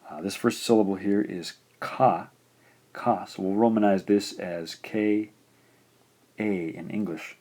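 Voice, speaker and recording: A man giving a recorded language lesson. He repeats syllables slowly and carefully, with frequent "uh" fillers. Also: on the low side, steady tone, dark tone. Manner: slow, careful pronunciation drills with frequent "uh" fillers. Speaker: language teacher.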